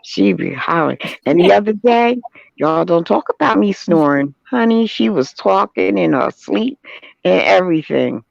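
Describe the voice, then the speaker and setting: A woman hosting a casual chat show, talking in an animated, storytelling way. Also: on the low side, normal speed, gravelly, dry recording. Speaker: host. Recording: dull lo-fi sound.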